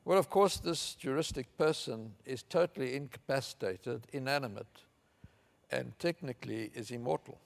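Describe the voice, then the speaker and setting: An older man from Africa, giving a measured, anecdotal conference speech with fillers. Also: mid-range voice, gravelly. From South Africa. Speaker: keynote speaker.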